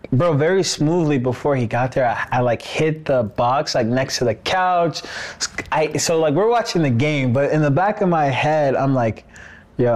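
A young man telling a personal story on a podcast in a casual, animated way, dropping "bro" and "like" all through. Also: on the high side. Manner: animated, says "bro" and "like" often.

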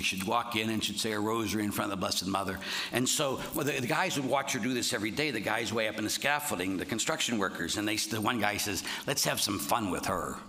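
A male Catholic priest giving a sermon in an animated, folksy way, full of rhetorical questions. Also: lowish voice.

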